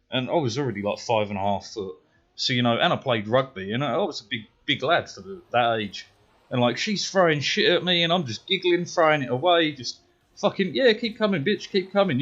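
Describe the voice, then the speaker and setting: British male streamer, casual and profane storyteller, animated, middling pitch, a bit muffled. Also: slightly rough. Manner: profane, swears constantly; animated, gets louder and higher when worked up. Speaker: gaming streamer.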